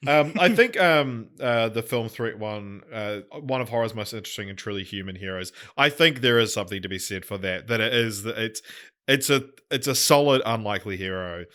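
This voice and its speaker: Wry man with a bright tone. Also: fairly low pitch, fairly quick. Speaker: podcast co-host. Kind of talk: casual film review chat.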